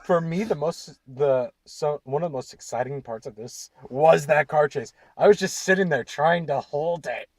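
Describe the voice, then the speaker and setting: A man's voice: fairly high pitch, moderate pace, few pauses, no echo. Earnest man, dry close sound. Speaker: movie review panelist. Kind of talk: casual group film review chat.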